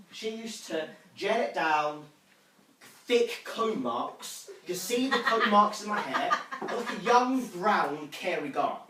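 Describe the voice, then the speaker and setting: A young man telling self-mocking comic stories to a small audience in a living room, animated and lively. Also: on the high side, recorded from a distance. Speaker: storyteller. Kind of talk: comic storytelling to a home audience. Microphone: far camera. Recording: roomy room from afar, faint noise.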